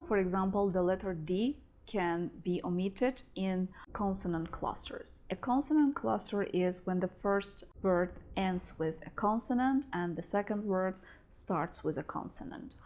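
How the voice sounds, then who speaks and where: Woman teaching english pronunciation, not a native speaker, slow careful explaining, says each example over and over. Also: mid-range voice, a little mellow. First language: non-native English speaker. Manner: slow, careful, repeats example phrases several times. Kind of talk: explanatory language lesson.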